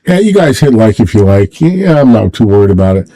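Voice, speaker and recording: A man hosting a casual solo livestream from home, rambling and halting, talking in a sentimental way. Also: fairly low pitch, big pitch swings, dark tone, rough recording. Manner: rambling, halting, many restarts; emotional, sentimental. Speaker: livestream host.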